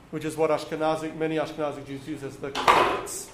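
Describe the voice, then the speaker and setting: A man teaching a class, explaining patiently with frequent ums and pauses. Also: on the high side, level tone. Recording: echoey room with faint noise.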